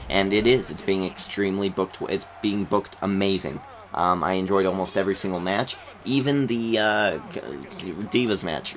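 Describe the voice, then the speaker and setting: A man giving rambling, chatty commentary over footage of his wrestling game, self-deprecating as he talks. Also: low-pitched. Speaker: wrestling game video creator. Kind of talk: casual commentary over gameplay.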